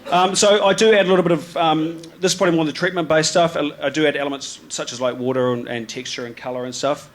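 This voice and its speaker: A man's voice: on the high side, fairly even intonation, fast, hardly any pauses. A man from New Zealand with a New Zealand accent, a photographer giving a live talk about his slides. He rambles casually, with lots of ums, restarts and slang. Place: live event venue with an audience.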